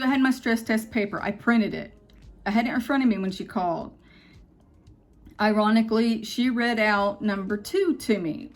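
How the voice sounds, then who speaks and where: A woman vlogger telling a personal story in a casual, emotional way, quoting others as she retells it. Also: medium pitch. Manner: emotional, quotes others in quick retold dialogue.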